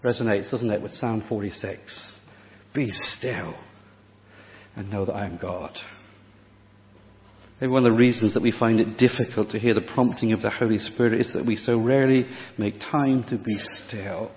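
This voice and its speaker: A man preaching a sermon, dramatic, dropping to a hush on key words. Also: fairly low pitch, fairly even intonation, fast, few pauses, a little hiss or hum. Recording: echoey hall, tinny phone-like sound.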